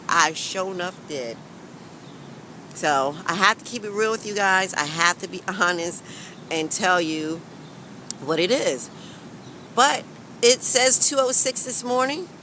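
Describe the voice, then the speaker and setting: Woman w/ lowish voice vlogging outside, frank and direct, lots of traffic noise behind her. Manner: frank and emphatic, addresses viewers directly. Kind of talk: candid weight-loss vlog chat. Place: outdoors in a city in the early morning. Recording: outdoor recording with clear traffic noise.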